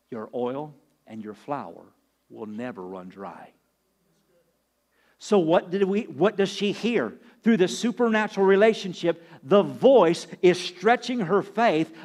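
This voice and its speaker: A man pastor preaching a sermon, swinging between loud and soft, asking the congregation questions. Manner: preaching with sweeping swings in pitch and loudness.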